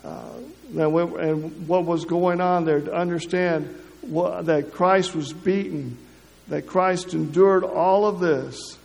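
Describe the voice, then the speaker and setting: A man preaching a sermon, halting, with many restarts and repeated words. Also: fairly high pitch, creaky, darkish tone. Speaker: pastor. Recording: long hall reverb.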